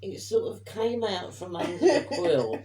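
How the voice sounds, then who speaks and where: Animated woman in an echoey room. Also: medium pitch, measured pace, distant mic. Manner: animated, mimics her own commands. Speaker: mother telling a family story. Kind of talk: casual storytelling.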